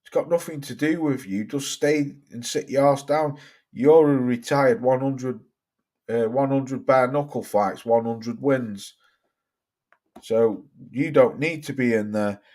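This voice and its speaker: A man's voice: medium pitch, measured pace, warm tone. A middle-aged man hosting a boxing livestream, ranting casually and swearing with exasperation as he reads out viewer comments. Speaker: boxing channel host.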